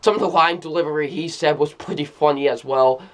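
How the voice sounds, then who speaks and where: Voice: mid-range voice, fairly quick. A film reviewer in a casual spoken review who keeps exclaiming, repeats phrases, restarts sentences and often breaks into laughter. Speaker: movie reviewer.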